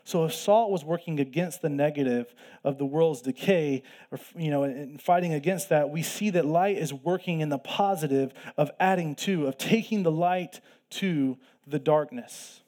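A male pastor delivers a sermon in a relaxed, conversational teaching manner. His voice sits somewhat high for a man. He presses his points with emphasis and often starts a sentence over. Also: moderate pace, hardly any pauses.

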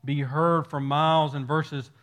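High-voiced male preacher. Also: flat delivery, measured pace, fairly bright tone. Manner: expository preaching, reading verses aloud. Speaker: pastor. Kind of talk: sermon.

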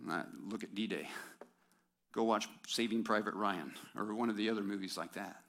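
A man preaching a sermon in a church service, talking conversationally to the congregation with rhetorical questions and quick asides. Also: on the low side, fairly bright tone. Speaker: pastor.

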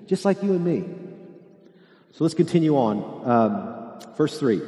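A man's voice: fairly high pitch, big pitch swings, normal speed, long pauses, dark tone. A pastor preaching a sermon in a storytelling manner, acting out the dialogue of the people in his story. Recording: echoey hall, long reverb.

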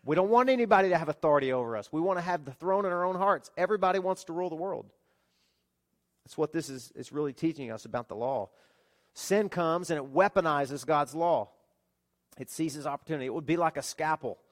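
A pastor preaching a sermon, telling stories with lively rhetorical questions to his congregation. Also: on the high side, brisk.

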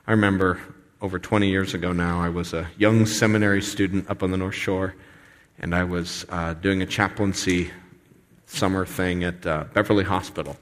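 A man in his forties preaching a sermon in a conversational, animated way. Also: low-pitched, moderate pace, in a large hall. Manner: conversational, animated, acts out voices. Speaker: pastor.

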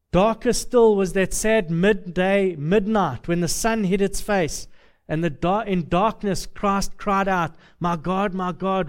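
A man preaching a sermon, with a measured, rhetorical delivery built on lists and repeated phrases. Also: high voice.

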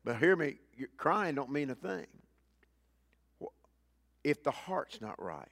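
A man preaching a sermon as pastor, swinging between loud emphatic lines and quiet low asides and repeating key phrases. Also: big pitch swings, takes it slowly, vocal fry, no room sound.

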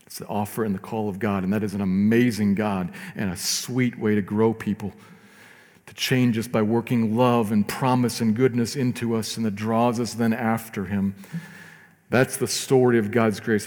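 Low-voiced preaching man in a big hall. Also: fairly even intonation. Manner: earnest preaching, swings from emphatic to soft and slow. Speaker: pastor. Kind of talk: sermon.

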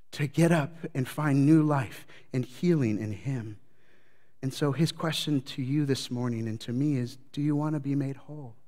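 A man preaching a sermon as pastor, swinging between loud, lively retellings and low, quiet reflection. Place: church sanctuary. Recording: long church reverb.

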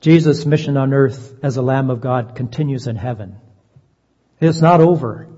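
A man preaching a sermon in an earnest voice, slowing down to stress key phrases. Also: medium pitch, warm tone, slightly rough. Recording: dull lo-fi sound, long reverb.

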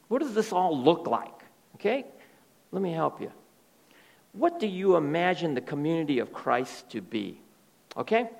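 A male pastor preaching a sermon in an animated way, often dropping to soft, hushed tones. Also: high voice, gravelly.

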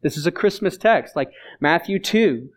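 Guy preaching, kinda high voice, earnest and emphatic, repeats stuff a lot. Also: lively intonation, normal speed. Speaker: pastor. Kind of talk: sermon.

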